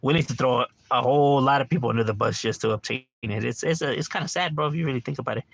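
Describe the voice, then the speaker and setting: A man's voice: medium pitch, very fast, gravelly. A middle-aged man streaming a game from home, ranting casually with lots of profanity and constant "bro.". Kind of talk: casual livestream rant.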